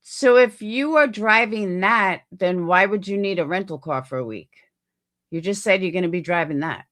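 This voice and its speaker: A woman's voice: medium pitch, normal speed, a bit bright. A woman hosting reaction commentary, talking in a sarcastic, mocking way about a clip she plays. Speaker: commentary host.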